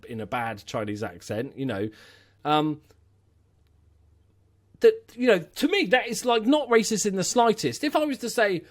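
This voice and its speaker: A young man casually commentating his game, chatty and opinionated with rambling asides. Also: on the high side. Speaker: gaming YouTuber. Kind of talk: let's-play commentary.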